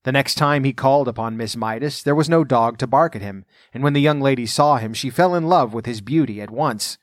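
Brief: male storyteller, measured, dry close recording. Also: medium pitch, dry recording. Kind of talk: storybook narration and commentary.

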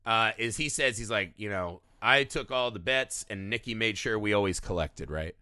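A man co-hosting a casual film podcast, talking in an animated, profane way and laughing often. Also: lowish voice, normal speed, no room sound. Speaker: podcast co-host.

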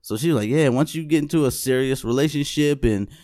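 A young man hosting a podcast, telling a long story in an easygoing, chatty way. His voice has an ordinary middle pitch and sounds close and dry, with hardly any room sound behind it. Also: quick pace, darkish tone, dry recording. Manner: laid-back storytelling, frequent laughs and "you know what I'm saying". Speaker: podcast host. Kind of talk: casual podcast chat.

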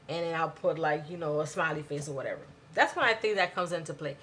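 A woman's voice: sits low, quick pace, hardly any pauses, a bit bright. A woman giving tips on business emails in a chatty, conversational way. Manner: chatty and conversational, many fillers and asides. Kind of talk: casual spoken tutorial.

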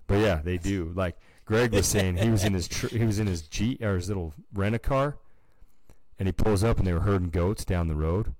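A man's voice: deep voice, a little mellow, dry recording. A man co-hosting a podcast, chatting casually and telling rambling stories full of "like" and "dude". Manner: slips into quick put-on voices for people in his stories. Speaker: podcast co-host. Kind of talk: casual chat.

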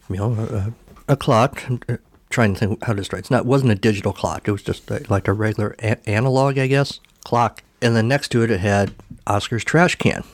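A man's voice: fairly low pitch, dry recording. A man hosting a podcast, recapping a film casually in a rambling, self-correcting way. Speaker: podcast host.

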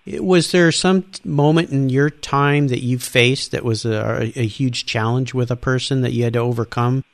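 A man hosting an interview, telling anecdotes in an animated way and acting out the people in them. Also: medium pitch, normal speed, vocal fry, no echo. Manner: animated storyteller, acts out quoted voices. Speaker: interview host. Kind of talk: conversational interview.

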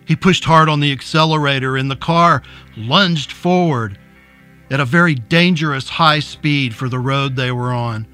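A man narrating a dark serial story in a measured, deliberate way, and hosting the episode. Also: mid-range voice, faint music behind. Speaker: narrator and host.

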